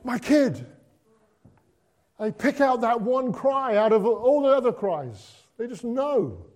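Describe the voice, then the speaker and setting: A preacher with a high, light voice talks to his congregation in an easy conversational way. He drops to a hush, then lifts into excited bursts, and he repeats phrases for effect. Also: slow pace. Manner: conversational, repetitive, swings from hushed to excited. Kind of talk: Christmas sermon.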